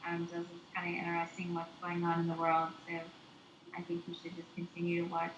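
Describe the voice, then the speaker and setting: Woman from the South, guest, low voice, lots of ums, teasing, echoey dull call audio. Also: completely flat delivery, fast, background noise. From American South. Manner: filler-heavy, many ums, teasing. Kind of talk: casual online chat. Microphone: remote call.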